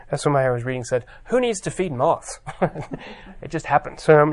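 Man, gravelly voice, slightly high pitch, conversational sermon, halting with fillers. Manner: conversational, halting with fillers, reads scripture aloud. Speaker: preacher.

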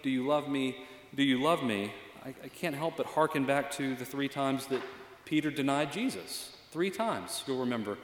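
A man's voice: mid-range voice, animated, moderate pace, few pauses, echoey room, in a large hall, a little hiss or hum. A male pastor giving a reflective, conversational sermon with frequent fillers.

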